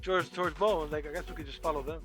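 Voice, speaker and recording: A man's voice: a little high, steady tone, very fast, music in the background. A man playing in a tabletop game, talking in character in a laid-back, casual way. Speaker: player.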